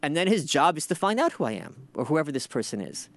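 A man hosting a podcast, ranting in casual commentary with sardonic, profane asides and animated outbursts. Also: a little high, fast, no echo. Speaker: podcast host.

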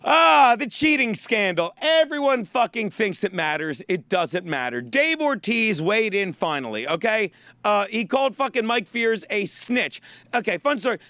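A man's voice: high-pitched, big pitch swings, normal speed, bright, forceful tone, dry recording. A male podcast host on a profane, rambling, sarcastic comedic sports rant.

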